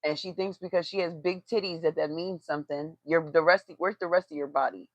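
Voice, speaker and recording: A woman's voice: deep voice, fairly even intonation, brisk, no room sound. A woman giving blunt, profane, mocking gossip commentary on a casual livestream. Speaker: tarot reader and commentator. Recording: dry, slightly dull lo-fi sound.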